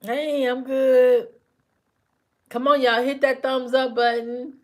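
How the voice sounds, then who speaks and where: A woman's voice: sits high, level tone, takes it slowly. A woman hosting a casual live stream, talking back to her chat commenters by name with teasing, repetitive banter.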